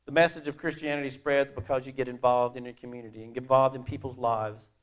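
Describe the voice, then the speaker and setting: A middle-aged male pastor delivers a sermon in a relaxed, conversational way. His voice sits in an ordinary middle pitch for a man. He leans hard on key phrases and tosses off quieter asides. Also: quick pace. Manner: conversational and animated, swinging between loud emphasis and quiet asides.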